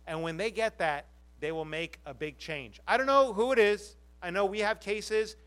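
Pastor guy preaching, pretty high voice, keeps firing questions at the crowd. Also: moderate pace, fairly bright tone, smooth. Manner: earnest, full of rhetorical questions to the congregation. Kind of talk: sermon.

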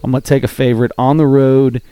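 A man's voice: medium pitch, level tone, quick pace, mellow, a little hiss or hum. A man co-hosting a casual sports betting podcast, rambling and getting out of breath as he talks. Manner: rambling, gets out of breath while talking. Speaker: podcast co-host.

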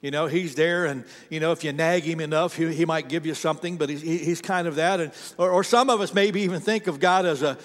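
A man's voice: fairly high pitch, steady tone, brisk, few pauses, in a large hall. A man preaching a sermon in a conversational, storytelling way, often restarting his sentences. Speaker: pastor.

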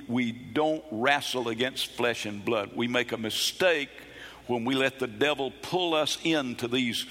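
Middle-aged male preacher, bright ringing voice, emphatic and repetitive, church sermon. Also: mid-range voice, in a large hall. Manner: emphatic preaching, repeats phrases, bursts into shouts. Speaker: pastor.

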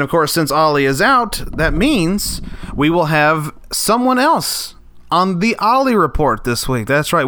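A man's voice: mid-range voice, sharp tone, no echo. A man hosting a comedy podcast, introducing the episode with hyped, rambling patter. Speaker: podcast host.

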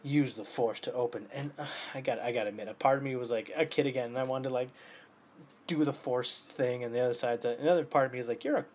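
A man in his twenties talking casually in an animated way, swearing often and swinging between loud outbursts and near-whispers. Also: medium pitch, quick pace, a little hiss or hum. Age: 20s. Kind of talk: casual monologue.

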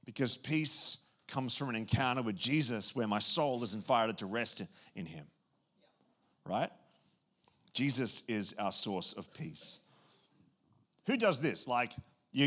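Excitable male preacher with restarts. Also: mid-range voice. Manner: animated and excitable, with quick restarts and asides. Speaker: pastor. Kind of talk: sermon.

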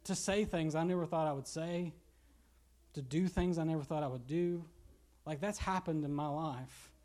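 A man's voice: on the high side, normal speed, darkish tone. A young man with a Kentucky accent preaching a casual sermon, joking and laughing as he retells a story. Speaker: pastor.

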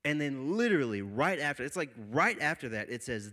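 A man's voice: fairly high pitch, sing-song, a little fast, hardly any pauses, pushed and bright. A young man preaching to a college group, telling a funny personal story with laughs before moving into scripture. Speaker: pastor.

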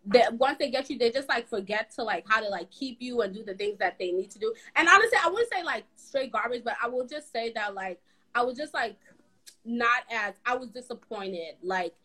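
Lively young woman co-hosting a chat show. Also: a little high. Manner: animated, laughing, drawn-out exclamations. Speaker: podcast co-host. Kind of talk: casual chat.

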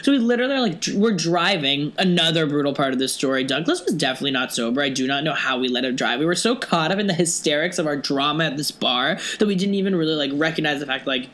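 A young woman telling a story casually, animated and quick, with many "like" fillers and some swearing. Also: low voice. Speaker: podcast storyteller.

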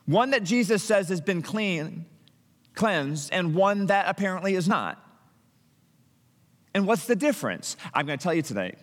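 Male pastor, sermon, storytelling delivery, stumbling restarts, slightly high voice, long hall reverb. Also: normal speed, long pauses. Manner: animated storytelling with frequent restarts and acted-out quotes.

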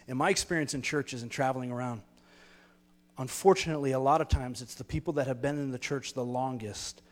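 A man's voice: mid-range voice, in a large hall. A man preaching a sermon as pastor, earnest and storytelling, building his points through repeated phrases.

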